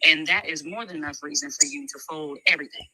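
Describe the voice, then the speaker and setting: A woman's voice: low-pitched, big pitch swings, fast talker, pushed and bright, rough recording. A woman hosting a heated casual debate, blunt and sarcastic as she scolds the men. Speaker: show host.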